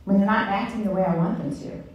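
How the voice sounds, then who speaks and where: A woman in her forties giving a candid, self-mocking teaching talk at a women's Bible study, telling stories with animated energy. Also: medium pitch, quick pace, muffled recording. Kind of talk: sermon-style teaching talk. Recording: echoey room from far off, faint ambience.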